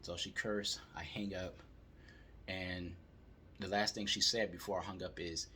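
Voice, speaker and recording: A man calmly telling a story as he gives dating advice to male viewers. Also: sits low, measured pace, slight background noise. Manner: calm, steady storytelling.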